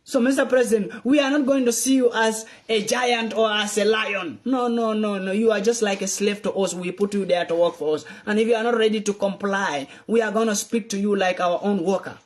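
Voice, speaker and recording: A man from Gambia, delivering an impassioned political address that swings between loud accusations and low, urgent pleading. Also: steady tone, brisk, hardly any pauses. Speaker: political commentator.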